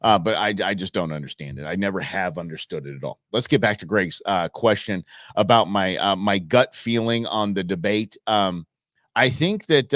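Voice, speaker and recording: A man's voice: medium pitch, fairly bright tone, no echo, studio quality. A man hosting a live show, telling rambling stories and answering chat with frequent restarts and asides. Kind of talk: casual rambling live-stream commentary.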